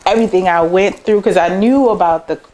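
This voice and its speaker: A young American woman, a business owner, chatting casually in an interview and telling lively personal stories, acting out the voices of people she quotes. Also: brisk. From United States. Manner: animated, acts out quoted voices with big pitch jumps.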